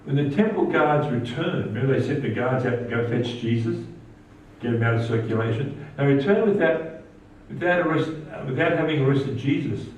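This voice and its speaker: Animated preacher in an echoey church. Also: male voice, a little fast, a little hiss or hum. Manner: animated preaching, rising pitch on quoted lines. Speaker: pastor. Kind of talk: sermon. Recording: echoey church hall, distant mic, dull sound.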